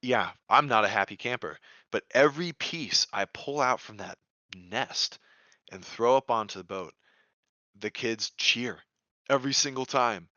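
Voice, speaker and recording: A man with a bright, forceful voice telling a story in casual podcast chat, loose and profane, full of "like." He swings from hushed narration to loud exclamations. The sound is dry and a bit dull and lo-fi. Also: mid-range voice, a little slow, dry recording. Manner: loose and profane, heavy use of "like". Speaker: podcast guest.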